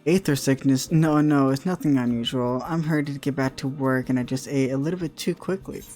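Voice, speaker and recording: A man voicing a hurried, hardworking young man from a game, reading the lines briskly and curtly. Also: mid-range voice, darkish tone, faint music behind, lightly acted. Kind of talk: reading game dialogue aloud.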